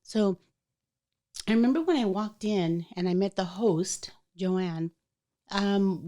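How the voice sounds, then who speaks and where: A podcast host tells a personal story in a casual, animated way, acting out the voices of the people in it. She speaks at a medium pitch and a slow pace, with long pauses.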